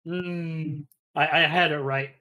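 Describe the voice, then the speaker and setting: A man's voice: fairly high pitch, fairly even intonation, takes it slowly, bright, forceful tone. A man co-hosting a casual stream, cracking dry teasing jokes. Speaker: co-host on a stream. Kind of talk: casual livestream chat.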